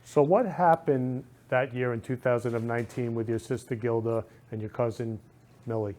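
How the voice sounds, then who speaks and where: An effusive male talk show host who greets his guests warmly and keeps repeating loving words. He speaks at a middle pitch in casual, heartfelt chat, recorded indoors. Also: steady tone, normal speed, a little hiss or hum. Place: indoor studio or temple room.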